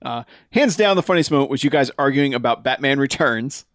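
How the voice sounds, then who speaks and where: A man's voice: mid-range voice, expressive, fairly quick, fairly bright tone, dry recording, clean studio sound. A man co-hosting a podcast, reading listener emails aloud, laughing often and swearing casually. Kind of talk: casual chat.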